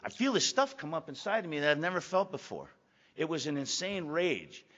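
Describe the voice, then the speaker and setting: A man's voice: fairly high pitch, very animated, brisk, fairly bright tone. Blunt older man testifying in an echoey hall. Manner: blunt, emphatic, repeats phrases for weight; gruff and profane. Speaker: recovery meeting speaker. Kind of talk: personal testimony to a meeting. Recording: echoey hall, dull lo-fi sound.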